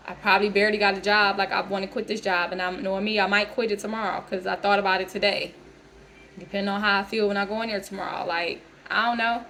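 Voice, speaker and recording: A woman's voice: medium pitch, flat delivery, fast talker, sharp tone, a little hiss or hum. A woman in her thirties ranting bluntly to camera in a vlog, heated and full of profanity. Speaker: vlogger. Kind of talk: casual rant to camera.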